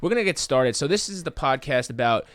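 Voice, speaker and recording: A man's voice: mid-range voice, animated, fast talker, a bit bright, no room sound, studio quality. A man hosting a live podcast, chatting casually in a playful, rambling, joking way. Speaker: podcast host.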